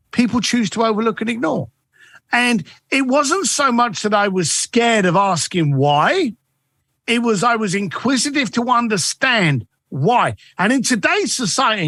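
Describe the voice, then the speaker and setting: A middle-aged man, a guest author and coach, tells stories in an animated interview, acting out the dialogue with shifting voices. His voice sits high with a fairly bright tone, and there's no echo.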